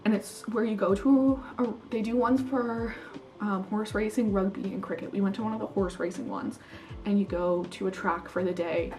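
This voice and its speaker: A woman's voice: mid-range voice, fairly even intonation, moderate pace, darkish tone, far from the mic, faint music behind, low-quality recording. A young woman from Canada, an international student vlogger, telling stories in casual chat that is full of "like" and fillers. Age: young adult. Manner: chatty, filler-heavy storytelling with lots of "like".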